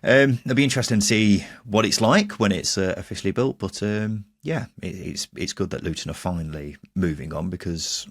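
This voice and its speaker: A man's voice: brisk, few pauses, breathy edge, dry recording, clean studio sound. A young man co-hosting a casual football podcast, chatty and often laughing as he talks. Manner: chatty, laughs often, drifts up in pitch when joking. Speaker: podcast co-host.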